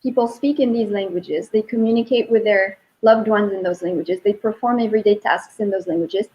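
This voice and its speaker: A woman linguistics professor talking as an interview guest, telling animated stories and quoting her son. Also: mid-range voice, fairly quick, poor audio. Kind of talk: casual interview talk.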